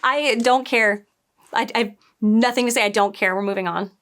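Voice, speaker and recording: A woman's voice: medium pitch, fairly even intonation, fast talker. A woman casually reviewing a TV episode against the books, exasperated and sarcastic, often mocking the characters in quoted voices. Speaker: book and TV show reviewer.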